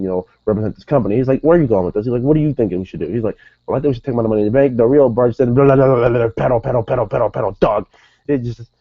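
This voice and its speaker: A man's voice: fairly low pitch, no echo, lo-fi sound. A man giving a casual, rambling recap of a wrestling show as its regular reviewer, often correcting himself and saying "dude" and "like". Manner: rambling, self-correcting, says "dude" and "like" a lot.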